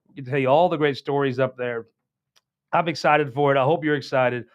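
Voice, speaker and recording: A man's voice: mid-range voice, steady tone, brisk. A man hosting a political talk show, rambling in a folksy, casual monologue with frequent restarts. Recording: dull lo-fi sound.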